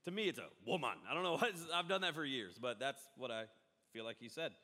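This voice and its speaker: A man preaching a sermon, rambling and animated, often breaking off mid-thought. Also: mid-range voice, fast. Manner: rambling, animated, self-interrupting. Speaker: pastor. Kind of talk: live-streamed sermon. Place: church hall. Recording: echoey hall reverb.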